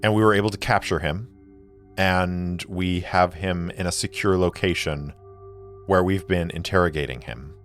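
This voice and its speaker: An earnest young woman who lays out her plans in eager rushes, as a man voices her in his low register. Faint music sits beneath the voice. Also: fairly bright tone. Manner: earnest, explaining in quick rushes. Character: earnest young woman, niece, plotting ally.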